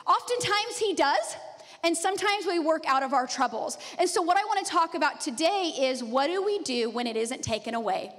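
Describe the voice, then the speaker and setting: Brief: woman pastor, thirties, animated storyteller, high voice, echoing sanctuary. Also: normal speed. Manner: animated storytelling, laughing often. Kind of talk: sermon. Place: church sanctuary.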